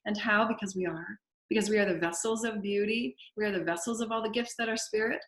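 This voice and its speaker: A woman's voice: medium pitch, fairly even intonation, fast talker, fairly bright tone. Southern-tinged woman chanting affirmations. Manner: repetitive, incantatory phrasing. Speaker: spiritual healer hosting a live show. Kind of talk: guided spiritual affirmations and prayer.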